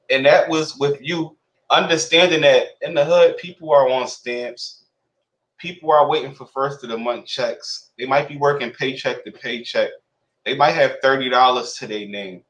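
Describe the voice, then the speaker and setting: A man's voice: mid-range voice, fairly bright tone. Admiring male interviewer in an echoey room. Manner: admiring, long winding questions. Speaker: interview host. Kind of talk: casual interview.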